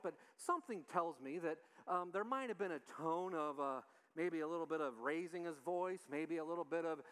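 A man's voice: a little high, moderate pace, few pauses, fairly bright tone. A man leading an informal Bible study, talking through the passage in a conversational way with frequent restarts. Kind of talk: informal Bible teaching with slides.

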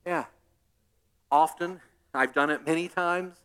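Animated, high-voiced male preacher. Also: slow pace, clear, resonant tone. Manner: animated, acts out scenes with humor. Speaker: pastor. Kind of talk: sermon.

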